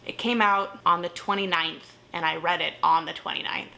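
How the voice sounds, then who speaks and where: A young woman vlogger giving casual, animated book reviews, often exasperated, laughing and swearing. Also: fairly low pitch, normal speed, gravelly.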